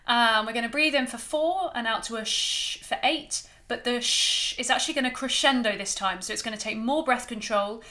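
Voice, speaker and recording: High-voiced woman leading choir warm-ups. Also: normal speed, hardly any pauses. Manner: gentle, encouraging, counts breaths aloud. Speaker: choir director. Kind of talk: vocal warm-up coaching.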